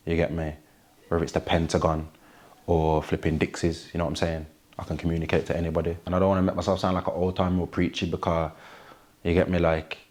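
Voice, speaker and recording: A man's voice: low voice, a little mellow. A young man with a Wolverhampton accent, a rapper talking casually in an interview, full of street slang and "you get me" tags. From Wolverhampton, England.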